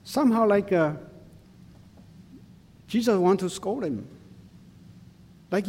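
Slow-speaking man preaching in a hall. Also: high voice, animated, a little mellow. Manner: slow, deliberate preaching in simple non-native English. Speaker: pastor. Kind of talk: sermon. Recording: long hall reverb.

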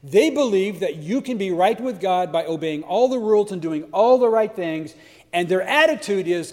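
Male preacher, high voice, earnest sermon, long echoing hall. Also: lively intonation, moderate pace, darkish tone. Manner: earnest and emphatic, with many restarts and rhetorical questions.

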